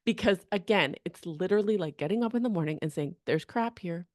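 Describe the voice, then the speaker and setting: A woman career coach talking in a podcast monologue, energetic and chatty, often asking "okay?" and "right?". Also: lowish voice, fast, dry recording, clean studio sound. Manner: energetic, chatty, acts out quoted people, frequent "okay?" and "right?".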